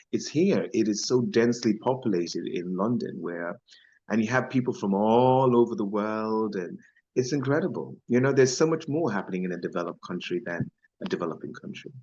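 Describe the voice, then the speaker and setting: A man's voice: fairly low pitch, lively intonation, brisk, darkish tone, breathy edge, highs cut off. A middle-aged man from Belize with a Belizean accent, speaking as an interview guest in a thoughtful, hesitant way with many fillers. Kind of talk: casual conversational interview.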